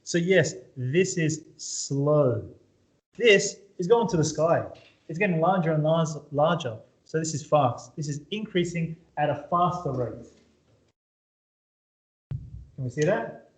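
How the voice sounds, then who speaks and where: A man's voice: on the high side, animated, slow, pauses often. A man teaching a maths class in a casual way, often checking in with his students. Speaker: maths tutor. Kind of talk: classroom lesson. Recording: echoey room, dull lo-fi sound.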